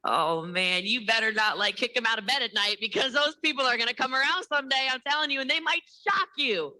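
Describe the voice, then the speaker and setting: A woman giving a motivational sales training in a lively, laughing way, acting out other people's lines. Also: a little high, fast talker, hardly any pauses, poor audio.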